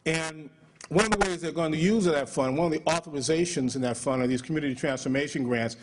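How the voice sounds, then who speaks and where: American man giving a halting conference talk. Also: fairly high pitch, background noise. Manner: conversational lecturing with many fillers and restarts. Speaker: public health executive giving a conference talk. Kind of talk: conference speech.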